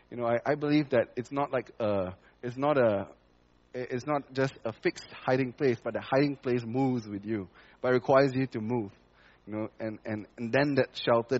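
A man shares a personal testimony with a congregation, stopping and restarting often as he works through his thoughts. His voice is slightly husky, and the recording sounds a bit muffled and lo-fi. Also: mid-range voice, darkish tone. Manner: halting, with many fillers and restarts. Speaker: church speaker sharing a testimony.

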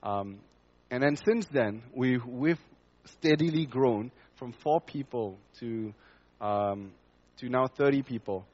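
A man shares a personal testimony with a congregation, stopping and restarting often as he works through his thoughts. His voice is slightly husky, and the recording sounds a bit muffled and lo-fi. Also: medium pitch, a little mellow. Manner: halting, with many fillers and restarts. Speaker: church speaker sharing a testimony.

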